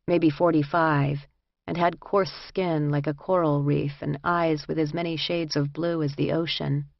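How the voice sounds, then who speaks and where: Low-voiced woman reading a memoir. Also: creaky, no room sound, muffled recording. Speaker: audiobook narrator. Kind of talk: first-person audiobook narration.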